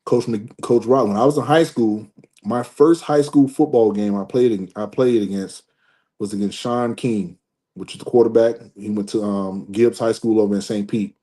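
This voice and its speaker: Mellow low-voiced man telling a story. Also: moderate pace. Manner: animated storyteller, acts out dialogue, restarts often. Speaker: former college football player, guest. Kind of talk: casual storytelling interview.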